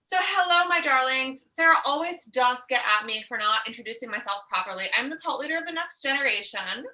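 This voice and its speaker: A woman's voice: sits high, animated, quick pace, bright, forceful tone, distant mic, low-quality recording. A woman life coach on a comedic live stream, talking in a sassy, profane way and calling her listeners darlings. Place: outdoors in a warm country. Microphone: phone live stream.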